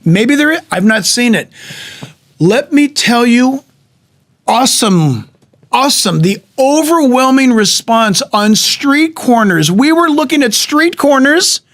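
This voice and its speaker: A middle-aged male pastor, exhorting his listeners in an emphatic, animated sermon style, often restarting his words. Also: extremely high pitch, slow.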